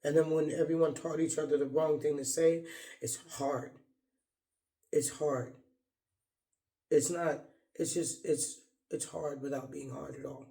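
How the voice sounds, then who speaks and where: A man with a fairly high voice talks straight to his audience in an unscripted vlog monologue. His speech is earnest and heartfelt, full of casual slang and restarts as he circles back over his thoughts. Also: fairly even intonation, moderate pace, creaky, dark tone. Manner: rambling, earnest, restarts often; heartfelt and apologetic. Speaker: vlogger. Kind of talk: emotional off-the-cuff monologue.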